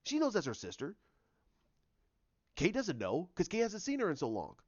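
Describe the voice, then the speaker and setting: A man giving a ranting commentary, animated and repetitive, often restarting his sentences. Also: sits high, moderate pace, dry recording, highs cut off. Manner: animated, repeats himself, many restarts.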